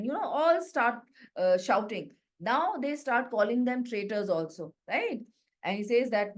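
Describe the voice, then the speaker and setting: A woman's voice: mid-range voice, expressive, measured pace. A woman with an Indian English accent, teaching a play by reading each passage aloud and then paraphrasing it plainly for students, with frequent "you know" asides. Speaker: literature teacher.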